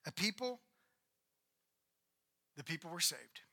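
Man, preacher, high voice, very bright tone, animated storytelling sermon. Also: slow. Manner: animated storytelling, acting out biblical characters.

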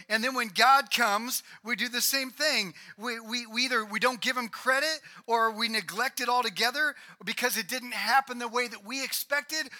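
Male pastor, high voice, very bright tone, dynamic sermon delivery. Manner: dynamic preaching, swinging from loud emphasis to hushed.

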